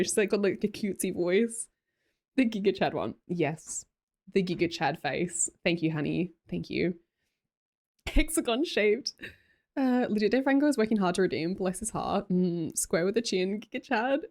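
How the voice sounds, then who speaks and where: Young Australian woman, casual livestream chatter, quick to laugh and squeal. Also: a little mellow. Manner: chatty, laughs often, breaks into high squeals. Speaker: streamer. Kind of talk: casual chat reading live chat.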